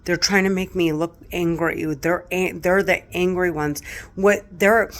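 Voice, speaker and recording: A middle-aged woman vlogger talks straight to camera, distressed and near tears, repeating herself in agitation and swearing heavily. Her voice is on the low side, a little slow, with fairly even intonation.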